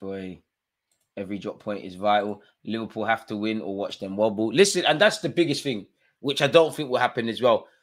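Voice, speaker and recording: A man hosting a live football watchalong, reacting loudly to the match with slangy banter and urging players on. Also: fairly low pitch, fairly quick. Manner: excitable, shouts at players, slangy.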